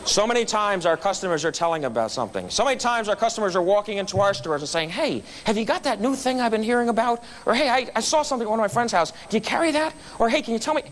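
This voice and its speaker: Guy telling stories at a club meeting, talks fast, high voice, acts out the quotes. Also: slight background noise. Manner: animated storyteller acting out quotes. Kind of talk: storytelling speech. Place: meeting room.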